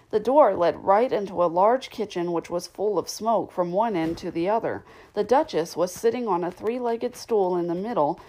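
A woman narrating a classic children's story in a measured, clear storytelling manner, with the odd slip. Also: medium pitch, a little mellow, rough recording. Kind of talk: audiobook reading of a classic novel.

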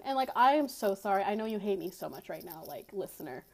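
A woman's voice: on the high side, expressive, fast, hardly any pauses, a little mellow. A young woman hosting a podcast, telling a personal story in a blunt, candid way, with many fillers and casual swearing. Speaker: podcast host. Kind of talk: confessional storytelling monologue.

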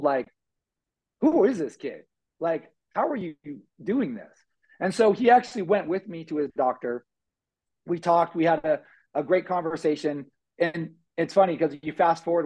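Husky-voiced man telling his story. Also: fairly high pitch, poor audio. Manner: animated, acts out quotes, many "like" fillers. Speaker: podcast guest. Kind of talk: casual storytelling interview.

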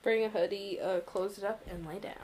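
A woman's voice: medium pitch, steady tone, brisk, over a noisy crowd. A teenage girl in casual chat, telling school stories in an earnest way.

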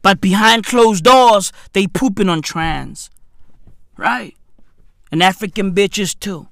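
A man in a rambling, profane rant who keeps asking "right?" and swings between loud outbursts and low mutters. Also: slow, vocal fry, dry recording, studio quality.

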